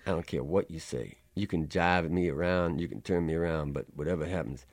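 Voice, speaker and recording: A man voicing an intense, menacing male funk star, speaking in a low, hushed, ominous tone. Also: fairly quick, dry recording.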